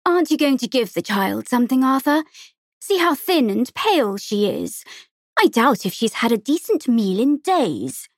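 A woman voicing a kindly, genteel Victorian lady who speaks in a refined and gentle way. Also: on the high side, sing-song, moderate pace, breathy edge, no room sound, studio quality, pitched above the performer's own voice, heavily acted.

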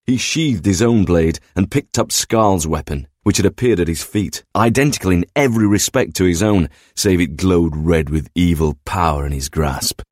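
A man reading a story aloud in steady, descriptive narration. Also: sits low, normal speed, few pauses, no echo, clean studio sound.

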